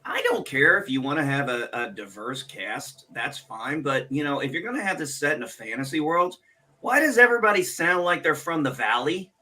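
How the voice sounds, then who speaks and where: A man's voice: on the high side, very animated, normal speed, pushed and bright. A man hosting a casual stream, ranting sarcastically and swearing freely. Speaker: streamer host.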